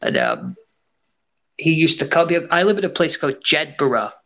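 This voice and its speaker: A man's voice: on the high side, huge pitch swings, moderate pace, creaky, pushed and bright. A man with a nasal voice, chatting casually and telling rambling stories. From Scotland. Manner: rambling, anecdotal storyteller. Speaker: entertainer and guest. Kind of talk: casual chat.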